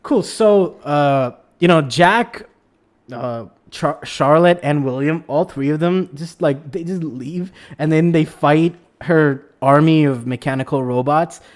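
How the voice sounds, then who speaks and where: A man with a slightly higher voice rambles through a casual anime discussion. He gets excitable and restarts his sentences often. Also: slow. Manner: rambling, excitable, lots of fillers. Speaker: podcast host.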